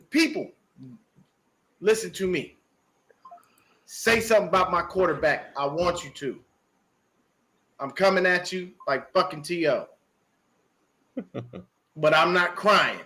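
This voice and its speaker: A man's voice: high voice, lively intonation, takes it slowly, pauses often, sharp tone. A man on a podcast ranting about a football game, profane and emphatic, repeating his points. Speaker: podcast guest. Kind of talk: fired-up sports podcast rant.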